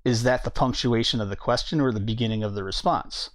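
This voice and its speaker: A man's voice: mid-range voice, fast. A man teaching a Bible study in a casual way, thinking aloud, reading verses and often restarting his sentences. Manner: thinking aloud, reads scripture, hesitant restarts.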